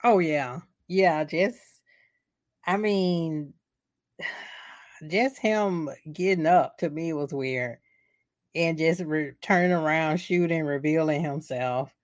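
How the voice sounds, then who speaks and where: Low-voiced woman recapping a movie. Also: takes it slowly, long pauses, no echo, studio quality. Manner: animated, acts out characters' lines with laughs. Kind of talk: casual movie recap chat.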